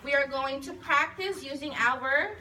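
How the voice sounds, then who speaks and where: A woman's voice: high voice, a little slow, pushed and bright. A woman teacher leading a guided reading lesson with young children, patiently prompting and drawing out words. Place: school classroom. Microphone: recording device set at a distance. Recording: distant mic in a noisy classroom.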